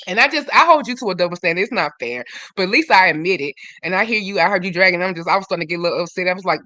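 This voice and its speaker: A woman hosting a livestream in casual chat, animated and swearing freely as she talks to her regulars. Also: fairly low pitch, racing, few pauses, dry recording. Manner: animated, swears freely, slips into quoted dialogue. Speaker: livestream host.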